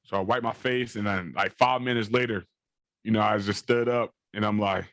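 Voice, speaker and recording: Young male athlete guest with a lowish voice, talking in a loose, repetitive, rambling way. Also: steady tone, moderate pace, fairly bright tone, no echo. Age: young adult. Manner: rambling, repeats phrases and fillers. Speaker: college football player guest. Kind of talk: interview storytelling.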